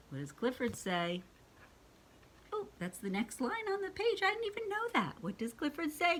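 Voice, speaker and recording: An older woman reading picture books aloud to her grandchildren, gentle and expressive, asking them questions as she goes. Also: high-pitched, normal speed. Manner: gentle and expressive, asking the children questions and acting out animal sounds.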